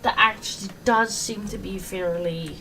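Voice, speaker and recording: A woman's voice: mid-range voice, a little slow, bright, forceful tone, recorded from a distance, a little hiss or hum, low-quality recording. Ranting woman, off-mic. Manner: exasperated ranting, swears, laughs often. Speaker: podcast host. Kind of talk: casual chat while gaming.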